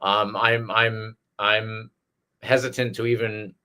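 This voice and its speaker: Low-voiced, hesitant podcast co-host man. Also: little pitch movement, slow, bright, forceful tone, clear, resonant tone. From Scotland. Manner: thoughtful, hesitant, many restarts. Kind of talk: casual podcast chat.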